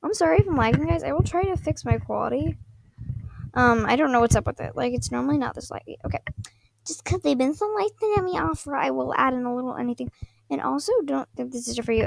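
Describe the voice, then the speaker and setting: A woman commenting casually on her gameplay at home at night, excitable and rambling, breaking into gasps and shrieks, into a microphone on a stand. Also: high-pitched, fast talker, creaky, dry recording. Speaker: gaming vlogger.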